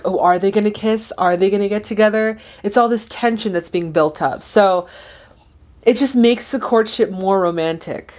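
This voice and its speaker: A woman's voice: mid-range voice, a little mellow. A young woman hosting a casual movie reaction, chatty and gushing, often laughing.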